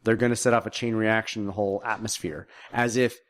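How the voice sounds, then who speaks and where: Animated man co-hosting a film podcast. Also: on the low side, fast talker. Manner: animated, repeats words when starting thoughts. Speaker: podcast co-host. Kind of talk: casual movie discussion.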